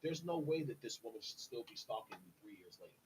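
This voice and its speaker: A man's voice: medium pitch, lively intonation, fast talker, a little mellow, a little hiss or hum, poor audio. Indignant man lecturing his listeners. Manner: indignant, insistent, keeps addressing listeners as "people". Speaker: podcast host. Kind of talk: direct-to-camera monologue.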